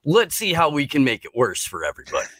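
Lively, higher-voiced podcast man. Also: fast talker, dry recording. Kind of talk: casual chat.

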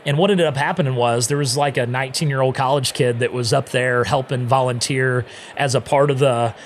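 A man's voice: medium pitch, fairly even intonation, a little fast, slight background noise. A man telling the story of how he became a missionary in a casual, conversational way, often dropping in "man" and "right?". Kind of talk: personal testimony storytelling. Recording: music playing underneath.

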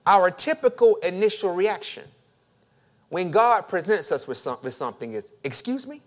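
A man preaching in a somewhat high, very animated voice that climbs and drops from phrase to phrase. He swings between loud, punchy emphasis and quiet asides. He acts out quoted questions with a rising inflection and calls on the congregation to respond. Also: moderate pace. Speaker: pastor. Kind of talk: sermon.

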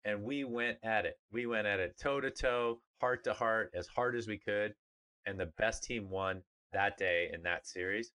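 A middle-aged man talks sports on a podcast, emphatic and animated. His voice sits fairly low but has a bright, forceful edge. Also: moderate pace. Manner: animated, emphatic, mimics others in funny voices. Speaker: podcast co-host, former pro player. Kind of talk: casual sports talk.

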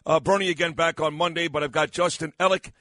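Tired older New radio host. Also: male voice, a little high, steady tone, quick pace, bright, forceful tone, no echo. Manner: rambling, self-mocking banter with frequent fillers. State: tired and losing his voice. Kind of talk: morning radio talk. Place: radio studio.

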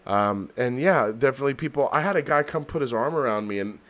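A man's voice: medium pitch, expressive, fast, a bit bright. A man hosting a casual podcast chat, rambling and heavy on fillers as he tells stories. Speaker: podcast host. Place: New York City.

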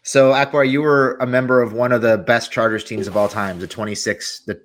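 A man hosting a casual interview, asking questions in a relaxed way with some hesitant "um"s. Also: mid-range voice, fairly quick. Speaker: podcast host.

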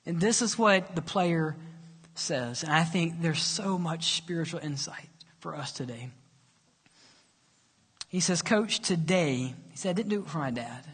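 A male pastor preaching and telling a story, dramatic, dropping soft and low for quoted lines. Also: unhurried, slightly rough. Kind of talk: sermon storytelling. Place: church sanctuary. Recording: long church reverb.

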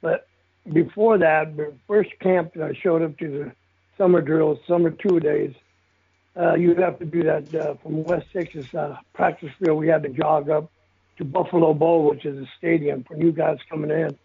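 Over a tinny phone line, an older man with a slightly high, gravelly voice and a breathy edge recounts his football days in a casual storytelling interview. He keeps a steady tone and moderate pace, telling things bluntly, swearing and chuckling often.

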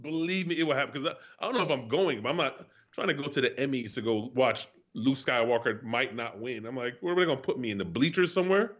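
A man's voice: mid-range voice, animated, quick pace, hardly any pauses, a bit bright. A man in his forties, a retired pro athlete, telling stories as a guest in a casual, profane, laughing way. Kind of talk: casual storytelling chat. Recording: slightly dull lo-fi sound.

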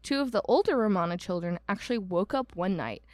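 A woman's voice: mid-range voice, lively intonation, a little fast, darkish tone, no echo. Chatty woman, dry close sound. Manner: chatty storyteller, many "um"s and asides, mock voices for quoted people. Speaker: podcast co-host. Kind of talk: casual chat about a haunted house.

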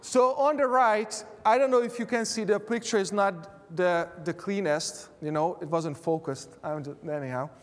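High-voiced preacher in a reverberant hall. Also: male voice, fairly even intonation. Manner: halting, many fillers and restarts. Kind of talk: sermon with personal anecdote.

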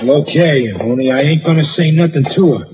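An actor playing a frightened, rough-talking former boxer in a 1950s radio drama, stammering in street slang. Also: male voice, on the high side, a little fast, noisy background, natural voice. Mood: rattled, pleading. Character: washed-up male boxer, rough, scared and pleading. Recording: dull old radio broadcast.

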